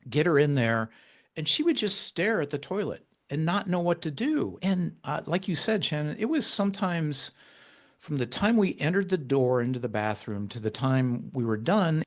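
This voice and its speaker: Man telling a personal story, halting. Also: a little high. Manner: halting, with frequent restarts; animated when quoting himself. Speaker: author and guest.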